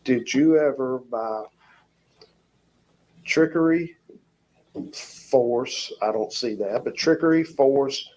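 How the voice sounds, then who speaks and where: A man with a Southern US accent, a police officer questioning a suspect in a calm, reassuring, repetitive way. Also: medium pitch, takes it slowly, long pauses, low-quality recording. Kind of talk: calm interrogation.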